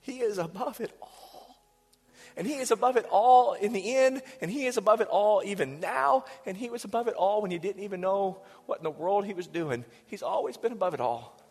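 High-voiced preaching man in a reverberant hall. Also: animated, fairly quick, husky. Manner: swings between loud preaching and hushed whispers. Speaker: pastor. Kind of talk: sermon. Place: church sanctuary. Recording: church hall reverb with soft music.

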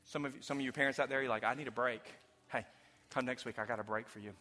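A pastor preaching a sermon to his congregation, emphatic, swinging from loud declarations to hushed low lines. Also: steady tone, very fast. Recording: long hall reverb.

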